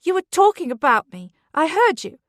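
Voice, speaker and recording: Brief: narrator puts on a tipsy, defensive wife, raised and sharp, close dry read. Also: female voice, on the high side, animated, moderate pace, dry recording, close to an everyday voice. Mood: drunk, angry. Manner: heated, slurred and defensive. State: drunk.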